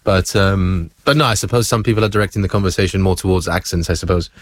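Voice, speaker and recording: A man's voice: low voice, quick pace, no echo, studio quality. A man hosting a breakfast radio show, chatting casually, laughing often and reading out listener messages.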